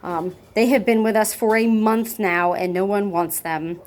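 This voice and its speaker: A woman's voice: mid-range voice, fairly even intonation, unhurried, a little mellow. A woman chatting casually in an adoption video, talking up kittens and cooing baby talk to them, with cats meowing nearby at home. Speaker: cat foster and adoption volunteer.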